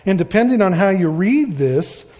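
A man's voice: high voice, sing-song, moderate pace, darkish tone. A man, a pastor giving a conversational, rambling sermon to his congregation in a church hall. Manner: casual, rambling, self-deprecating. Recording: long reverb of a large hall.

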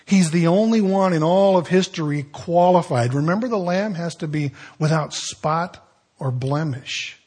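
Guy preaching, husky kinda breathy voice, folksy and jokey. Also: fairly high pitch. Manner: folksy storytelling with joking asides. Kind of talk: sermon.

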